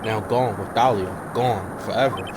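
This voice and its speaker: A man's voice: fairly low pitch, unhurried, heavy background noise, lightly acted. Man reading as a brooding convict in broken English.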